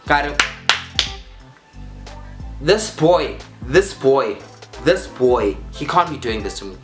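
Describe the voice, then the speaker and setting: A young South African man tells a storytime vlog, acting out quotes and repeating phrases for dramatic effect. His medium-pitched voice is sing-song and slow, recorded in a roomy echo with faint music behind it.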